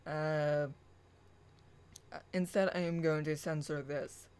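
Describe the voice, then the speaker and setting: Slow, halting spiritual vlogger. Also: medium pitch, steady tone, darkish tone, smooth, rough recording. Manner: slow, halting, with many pauses and fillers. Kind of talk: personal rant and reading own blog post aloud.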